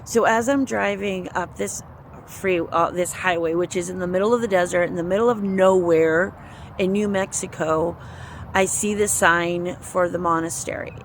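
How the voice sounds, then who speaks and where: An earnest speaker tells a personal story of faith in a loose, casual ramble, often acting out their own thoughts. The voice sits at a middle pitch. Faint passing vehicles can be heard outdoors. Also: steady tone, moderate pace, slight background noise. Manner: earnest, rambling retelling with quoted inner speech. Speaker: storyteller sharing a faith testimony. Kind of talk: casual spoken testimony.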